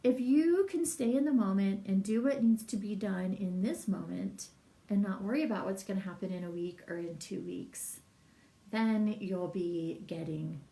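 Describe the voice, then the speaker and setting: A woman's voice: mid-range voice, normal speed, dark tone, echoey room, far from the mic. A middle-aged woman, a massage business coach, talking in a casual, rambling livestream and reading out viewer comments. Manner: chatty, rambling, laughs often, reads viewer comments.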